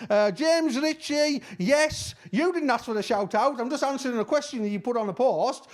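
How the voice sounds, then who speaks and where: A man with a Cumbrian accent, chatting casually as he reads out shout-outs, rambling and using broad dialect words, his voice a bit worn. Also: extremely high pitch, moderate pace. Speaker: musician giving shout-outs. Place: at home.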